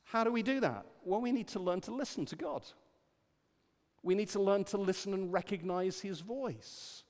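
An older man preaching a sermon, rising to emphatic declarations and dropping to quiet storytelling. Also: high-pitched, moderate pace. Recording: long hall reverb.

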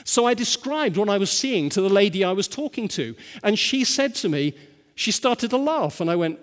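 A man's voice: sits high, lively intonation, moderate pace. A male pastor preaching a sermon and telling stories, often asking the listeners rhetorical questions. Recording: long hall reverb.

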